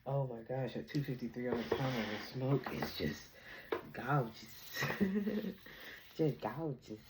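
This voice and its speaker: A woman hosting her own chat vlog from home, talking fast and bubbly about spiritual topics and laughing often. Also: very deep voice, noisy background. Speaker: vlog host. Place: home apartment.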